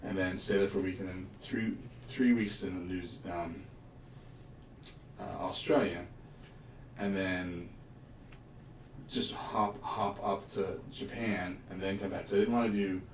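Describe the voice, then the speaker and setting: A man's voice: low voice, fairly even intonation, unhurried, pauses often, slight background noise. Chatty man, echoey room. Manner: chatty, rambling storyteller. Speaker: puzzle livestream co-host. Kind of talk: casual chat. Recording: echoey room, mic far off.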